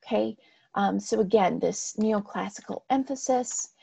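A woman's voice: mid-range voice, a little slow, creaky, mellow, slightly rough. A woman lecturing on art history over slides, explaining in a plain way with frequent "um" and "right".

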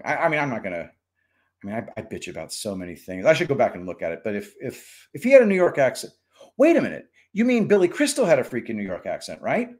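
Man, casual live-stream chat, rambling and opinionated, lively swinging pitch, mid-range voice. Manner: rambling, opinionated, animated, swears, frequent restarts. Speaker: streamer host reading chat.

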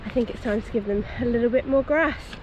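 A woman's voice: on the high side, fast talker, a little mellow, slight background noise. A woman vlogging outdoors at the stables, chatty and upbeat, laughing often and a little out of breath. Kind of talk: casual vlog narration. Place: outdoors at a stable field, windy.

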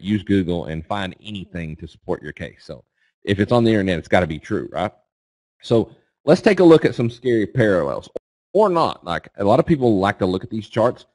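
A man's voice: lowish voice, a little mellow, dry recording. A middle-aged man with a Kentucky accent, giving a folksy, casual webinar presentation as a guest speaker on trading. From Eastern Kentucky, US. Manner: folksy, casual, checks in with "okay?" and "right?".

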